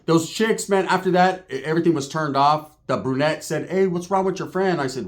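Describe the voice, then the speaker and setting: A man with a high-sitting voice talks a little fast as he tells a comic story. He's casual, profane, and animated, acting out what people said.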